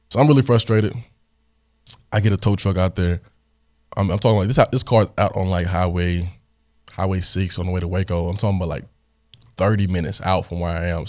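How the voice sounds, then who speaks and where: A young man hosting a podcast, telling a story in a casual, animated way, sarcastic and laughing often. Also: low voice, no echo, clean studio sound. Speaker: podcast host.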